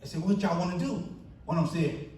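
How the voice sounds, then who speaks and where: At a church banquet, a keynote speaker gives a testimony speech in an echoey hall, his high voice fast and distant from the mic. He tells stories and acts out quoted friends in animated bursts.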